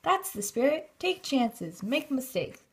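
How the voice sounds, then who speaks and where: Cheerful adventurous teacher in a storybook, read by a woman, upbeat, exclamatory, fairly high voice. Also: very animated, a little slow. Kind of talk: storybook reading.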